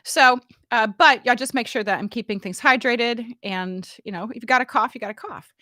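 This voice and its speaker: A woman voice teacher giving a casual, playful vocal warm-up demonstration in a room at home, talking into a studio mic. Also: a little high, moderate pace, no room sound. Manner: chatty, playful and relaxed, often asks "right?". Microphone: studio mic, monitored on headphones.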